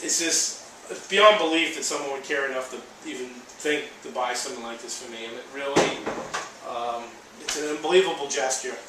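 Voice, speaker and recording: A man's voice: mid-range voice, sharp tone, a little hiss or hum. A man, candid and emotional in a rambling personal video diary. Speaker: vlogger. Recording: echoey room, voice from a distance.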